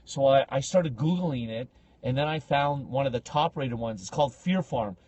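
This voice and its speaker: Husky-voiced man telling a story. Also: medium pitch, normal speed, no room sound. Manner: animated, acts out quoted speech with big loud jumps; slangy, says bro and like a lot. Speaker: podcast co-host telling a story. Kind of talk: casual podcast storytelling.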